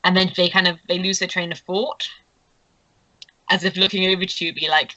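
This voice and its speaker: A woman running a tabletop game in a casual, giggly way. Her voice is bright and forward. The recording is close and dry. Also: fairly low pitch, little pitch movement, moderate pace, pauses often, dry recording, muffled recording. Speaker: game master.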